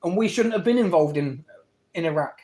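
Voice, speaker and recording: A man from England debates his live-stream chat, reading viewers' comments out loud and shooting back quick, argumentative replies. His voice is fairly high and darkish in tone, with lively intonation.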